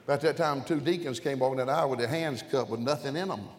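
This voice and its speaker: A man's voice: medium pitch, fast. A man preaching a sermon, telling folksy jokes and stories. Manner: folksy, jokey storytelling. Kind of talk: storytelling sermon. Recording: echoey church hall.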